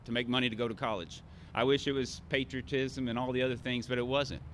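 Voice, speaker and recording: Man in his 50s, ceremony speech outdoors, bright tense voice, faint outdoor hum behind. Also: mid-range voice, flat delivery, quick pace. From Arkansas. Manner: commanding drill calls at moments. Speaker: ceremony speaker.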